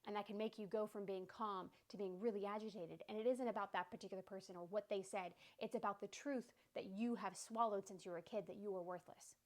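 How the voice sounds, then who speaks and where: A woman's voice: medium pitch, steady tone, fairly quick, hardly any pauses. Reassuring woman talking through self-help. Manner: conversational, reassuring, many "okay?" and "right?" asides. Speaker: podcast host. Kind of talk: casual self-help talk.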